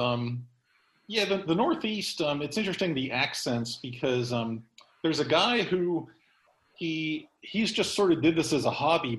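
A man's voice: medium pitch, fairly bright tone, roomy sound, rough recording. Man rambling through a casual chat. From Texas. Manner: rambling, many ums and restarts. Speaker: host.

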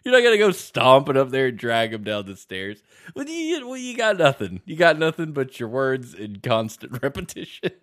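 A man's voice: mid-range voice, huge pitch swings, moderate pace, hardly any pauses, a bit bright. A man co-hosting a casual podcast chat, laughing often and acting out quotes in raised voices. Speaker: podcast co-host.

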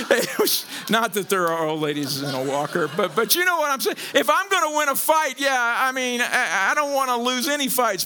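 A middle-aged male pastor delivers a sermon in a high, ringing voice. His pitch leaps around constantly as he jokes and stumbles into repeated words. He sounds bright and animated throughout.

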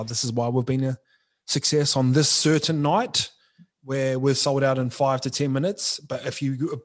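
A young man talks as a podcast guest about running his clothing brand. His speech is loose and slangy, packed with fillers. He is frank and unpolished in manner. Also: medium pitch. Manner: slangy, frank, says bro and like often. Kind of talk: casual podcast interview.

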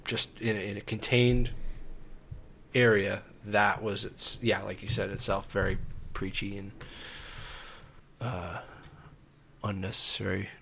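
A man's voice: fairly low pitch, level tone, measured pace, gravelly, pauses often, a bit bright, a little hiss or hum. A man co-hosting a film review podcast, talking casually and often trailing off mid-thought. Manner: hesitant, restarts and trails off. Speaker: podcast co-host reviewing films. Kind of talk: casual chat.

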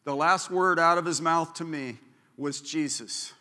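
A man preaching a sermon as pastor in a church, fervent and building to loud declarations. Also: a little high, measured pace. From Southern California. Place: church sanctuary. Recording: echoey church hall.

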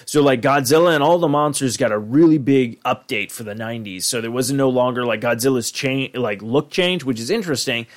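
A man co-hosting a podcast, talking casually in a rambling, profane, animated way. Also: medium pitch, a little fast, few pauses. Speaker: podcast co-host.

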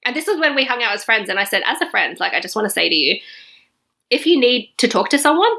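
A young woman casually telling a personal story on a podcast, acting out what people said with big jumps in her voice. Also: fast talker. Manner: animated, acts out quotes with big pitch jumps.

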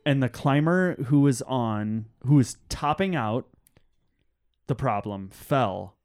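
A man's voice: mid-range voice, expressive, takes it slowly, darkish tone, clear, resonant tone. A young man hosting a casual podcast chat, rambling and sweary, often laughing. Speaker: podcast host.

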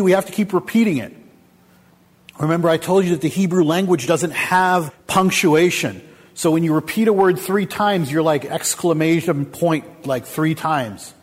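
A man delivers an emphatic sermon in a slightly higher-than-usual register, his voice a little husky. He keeps asking the congregation questions. A long reverb trails behind him, as in a church hall. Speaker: pastor.

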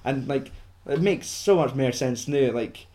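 A man's voice: medium pitch, a little slow, warm tone. A man co-hosting a casual film chat, rambling and sweary with lots of fillers. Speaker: podcast co-host.

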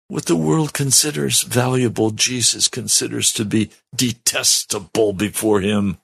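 A man's voice: medium pitch, a little slow, gravelly, hardly any pauses, a bit bright, slightly rough. A male preacher delivering an earnest spoken prayer and sermon, pleading in repeated petitions.

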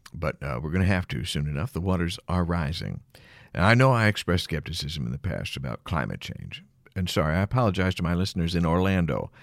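Wry late-night podcast host, man, deep and gravelly, lively pitch, dry close-miked sound. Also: no room sound. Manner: rambling, dry, wry asides with chuckles. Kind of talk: late-night solo monologue. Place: home at night, alone.

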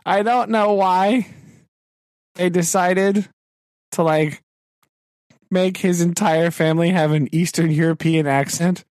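A man co-hosting a podcast who chats about movies, lively and quick to laugh, with mock-dramatic complaints. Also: high voice, no echo, clean studio sound. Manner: animated, laughs often, exaggerated complaints. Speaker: podcast co-host. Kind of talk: casual movie chat.

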